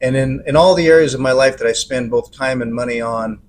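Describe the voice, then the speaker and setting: A man talks in an easy, casual way, pausing and restarting as he works through his thoughts. His pitch is ordinary for a man, and a faint background noise sits under his voice. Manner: hesitant, self-searching. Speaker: podcast host. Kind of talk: casual chat.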